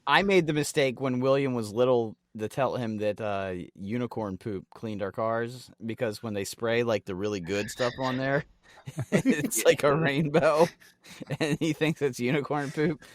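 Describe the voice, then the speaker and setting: A man's voice: mid-range voice, measured pace. A man co-hosting a casual podcast chat, telling stories with lots of swearing and acted-out quotes. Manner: animated storyteller, swears often, acts out quotes. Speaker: podcast co-host.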